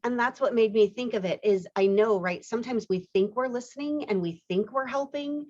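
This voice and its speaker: A woman's voice: fairly high pitch, moderate pace, darkish tone. A woman hosting a panel discussion over a video call, rambling with frequent restarts and fillers. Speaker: webinar host. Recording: muffled video-call audio.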